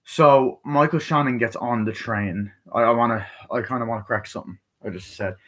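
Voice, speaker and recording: A man giving a casual movie review, rambling excitedly and swearing often as he retells scenes. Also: medium pitch, fairly quick.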